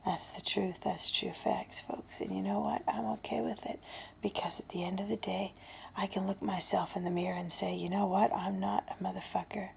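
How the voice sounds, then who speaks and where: Gravelly fifty-year-old woman, blunt and swearing. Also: mid-range voice, level tone, moderate pace, slight background noise. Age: 50s. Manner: blunt, heavy swearing, hushed and breathy then loud. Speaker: vlogger. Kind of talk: candid personal vlog.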